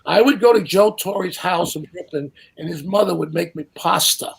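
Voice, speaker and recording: An older man telling casual anecdotes as a guest, animated and acting out the people he quotes. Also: sits high, moderate pace, gravelly, husky. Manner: animated storyteller who acts out quotes. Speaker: guest storyteller.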